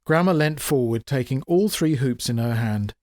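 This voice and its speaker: A man reads his own comic fantasy story with wry, dramatic expression. His voice sits at a middling pitch, and the recording is close and dry with no room echo. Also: lively intonation, normal speed, darkish tone. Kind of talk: dramatic audiobook narration.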